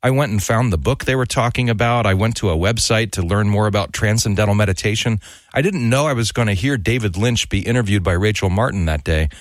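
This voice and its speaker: A man's voice: fast talker, dry recording. A man co-hosting a radio fund drive, earnestly urging listeners to call in and pledge. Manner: earnest, persuasive pitch to listeners.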